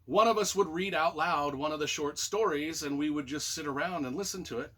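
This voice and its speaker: Book-reviewer vlogger from Utah, a man with a sharp, husky voice; casual and rambling. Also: on the high side, fairly quick. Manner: animated, rambling, with many fillers and asides. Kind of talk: casual personal storytelling.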